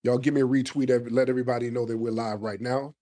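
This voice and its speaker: A man hosting a casual live stream while hoarse from a cold, talking in slang and calling out to his viewers. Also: mid-range voice, little pitch movement, quick pace, warm tone. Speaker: livestream host. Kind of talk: casual livestream commentary.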